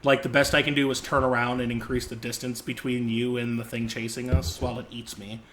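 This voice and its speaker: A man's voice: mid-range voice, little pitch movement, brisk, a bit bright. A young man co-hosting a podcast, telling jokey rambling stories in casual chat. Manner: joking, rambling storyteller. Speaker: podcast co-host.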